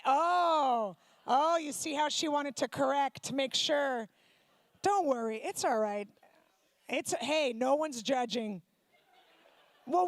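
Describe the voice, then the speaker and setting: A woman comedian from Ukraine works a live room with a high voice, throwing teasing questions at the audience. The sound is dry and close, with no room echo. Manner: teasing, quick banter with the audience. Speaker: stand-up comedian. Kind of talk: stand-up comedy with crowd work. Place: comedy night venue before a live audience.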